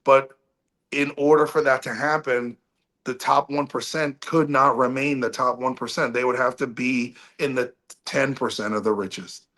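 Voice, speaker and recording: A man's voice: mid-range voice, moderate pace. Man telling a long rambling story. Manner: rambling, many restarts, animated storytelling. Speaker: podcast guest, rock singer. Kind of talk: casual interview storytelling.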